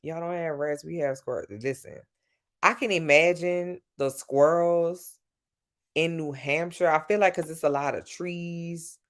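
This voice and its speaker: Woman, louisiana accent, casual livestream chat, swears a lot, lively pitch swings. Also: unhurried. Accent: Southern US, Louisiana. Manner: chatty, swears freely, lively shifts in pitch. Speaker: livestream host.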